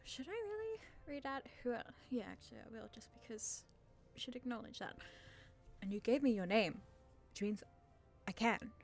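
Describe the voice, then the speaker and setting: Over soft background music, a thirty-year-old Australian woman hosting her channel takes viewer questions to camera in a nervous, self-deprecating, meandering way. Her voice is on the high side and animated at a normal pace, with an English-sounding accent from her British father.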